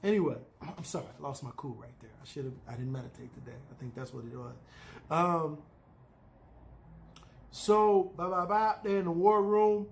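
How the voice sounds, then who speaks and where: A man's voice: on the high side, fairly even intonation, normal speed, gravelly, slight background noise. A man casually recapping a TV episode, loose and opinionated, peppering his talk with "you know" and "man".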